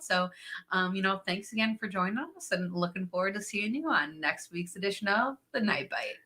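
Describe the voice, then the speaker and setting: A woman's voice: medium pitch, moderate pace, pushed and bright. A woman co-hosting a casual fishing talk show, rambling with plenty of ums and you-knows. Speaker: fishing podcast co-host. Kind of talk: casual chat.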